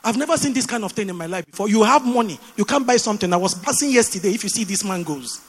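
A Nigerian woman preaching a sermon, animated and full of repeated rhetorical questions. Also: medium pitch, quick pace, slightly rough, long reverb tail.

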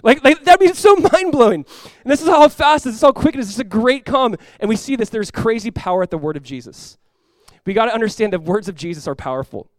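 A male pastor preaching a sermon with lots of energy, acting out quoted voices with big jumps in pitch and volume. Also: lively intonation, quick pace, dry recording.

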